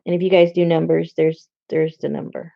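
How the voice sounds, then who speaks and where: A woman talks a little fast in a low, gravelly voice with a completely flat delivery, and the highs are cut off. Standing indoors in her craft room, she hosts a casual crafting video, rambling and talking to herself as she goes through her supplies.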